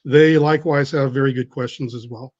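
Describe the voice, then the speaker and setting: A man born in England, now a guest talking casually and affirming others in a relaxed way. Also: mid-range voice, brisk, no echo, highs cut off. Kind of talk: casual chat.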